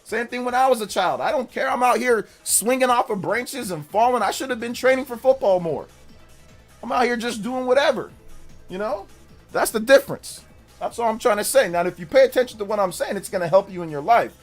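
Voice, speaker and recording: Brief: high-pitched middle-aged male streamer, combative and mocking toward chat, faint music underneath. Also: a little fast.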